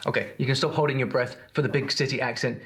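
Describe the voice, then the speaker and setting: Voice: mid-range voice, quick pace, a loud crowd. A narrator reading a scripted video about accents in a wry, conversational way.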